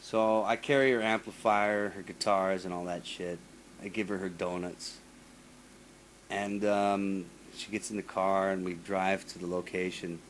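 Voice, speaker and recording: A podcast host tells an animated, expletive-laden story during a casual chat, often restarting, repeating himself and mimicking the people he describes. His voice is low-pitched and a little slow. A little hiss or hum sits underneath.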